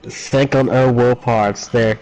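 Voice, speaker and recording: A man's voice: medium pitch, fairly even intonation, slow pace, darkish tone, low-quality recording. Teasing male stream guest. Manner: teasing, playful. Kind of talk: casual voice chat.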